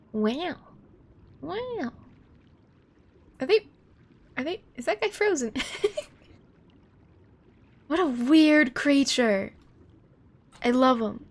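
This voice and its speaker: A woman's voice: high-pitched, sing-song, slow, pauses often. A woman streaming a game live, chatting casually, gushing and giggling over cute things and thanking viewers by name. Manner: gushing, giggly, easily delighted. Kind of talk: casual live-stream chat while playing.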